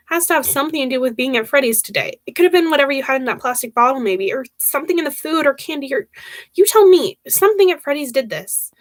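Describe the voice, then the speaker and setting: A woman's voice: high-pitched, racing, hardly any pauses, a bit bright, pitched above the performer's own voice. A woman voicing a frantic, accusing teenage girl while reading a horror novel aloud.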